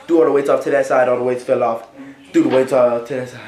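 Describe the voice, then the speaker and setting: Fast and darkish in tone, this young man's medium-pitched voice keeps a fairly even intonation as he tells a casual story to camera. The vlogger rambles in an echoey room, heavy on fillers and repeatedly saying "right?"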